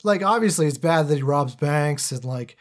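A man hosting a podcast, chatting casually about a movie in a loose, rambling way, with lots of fillers and quick impressions of lines. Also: on the high side, expressive. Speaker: podcast host. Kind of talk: casual movie-discussion chat.

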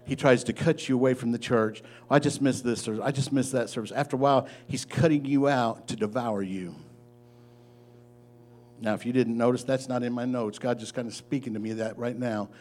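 A man preaching a sermon as pastor, moving from soft, low asides to loud, rising exhortation. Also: normal speed, faint music behind.

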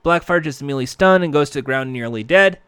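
A man's voice: a little high, fast, a bit bright, clear, resonant tone, dry recording, clean studio sound. A man casually recapping a show with jokey, profane, self-mocking asides.

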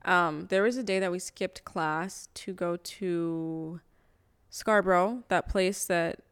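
A young woman tells a story on a casual podcast, cursing freely. Her voice sits a bit low and sounds smooth and clear. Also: slow pace. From Toronto area, Canada. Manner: casual, swears a lot, animated storytelling. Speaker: podcast co-host.

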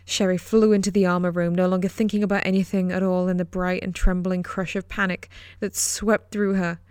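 A woman's voice: fairly low pitch, level tone, fairly quick, a little mellow, smooth, no echo, clean studio sound. A woman reading a horror novel aloud as an audiobook, dramatic and dropping into whispers at tense moments. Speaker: audiobook narrator. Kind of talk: scripted narration of a horror novel.

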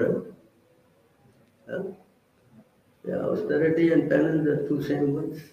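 A man's voice: fairly high pitch, little pitch movement, measured pace, creaky, long pauses, warm tone. Emphatic preacher man in an echoey hall. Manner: emphatic, questioning, repeats "understand?". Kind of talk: scripture class with audience questions.

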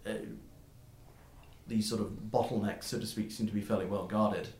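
A man narrating a tabletop game as game master, in a halting way, with many fillers and restarts. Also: fairly low pitch, steady tone, darkish tone, slight background noise. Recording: roomy echo.

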